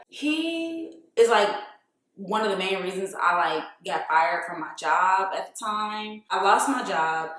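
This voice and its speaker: A woman's voice: fairly low pitch, fairly bright tone. A woman telling a personal story in a candid vlog, frank and profane, with lots of "like" fillers. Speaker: vlogger. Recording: very echoey room.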